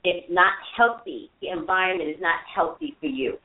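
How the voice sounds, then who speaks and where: A woman's voice: on the low side, normal speed. A woman giving a psychic reading to a caller, talking emphatically and casually, with the odd curse. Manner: emphatic, animated, swears casually. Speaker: psychic reader. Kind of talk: live call-in reading. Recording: phone-quality audio.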